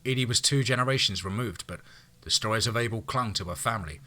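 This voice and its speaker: A man narrates an audiobook in a steady, measured telling. His voice sits low yet rings very bright and forward.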